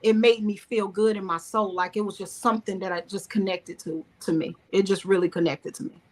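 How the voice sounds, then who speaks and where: A woman's voice: medium pitch, steady tone, a little fast. A woman with a Southern American accent, a screenwriter and singer talking loosely about her work as an interview guest, in restarts and asides. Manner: loose, rambling, talks in restarts and "you know". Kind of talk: casual interview.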